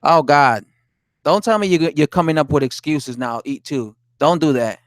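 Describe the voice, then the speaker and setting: This boxing streamer's voice runs on the high side at a moderate pace, in a dry, studio-quality recording. In easygoing chat with viewers, he reads their comments aloud and responds, laughing, swearing and getting indignant.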